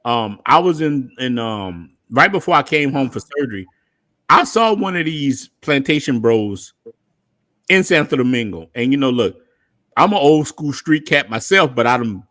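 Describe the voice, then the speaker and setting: A man's voice: mid-range voice, animated, moderate pace, sharp tone. A man hosting a live stream, talking in loose, joking street slang. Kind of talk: casual live stream chat.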